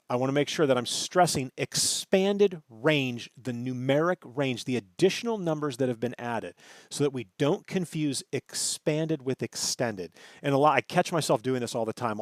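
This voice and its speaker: Brief animated male lecturer who checks himself and leans on key words, close dry mic. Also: medium pitch, dry recording. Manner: thinks aloud, self-correcting, stresses terms, asks "right?". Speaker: networking instructor. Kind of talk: screen-recorded lecture.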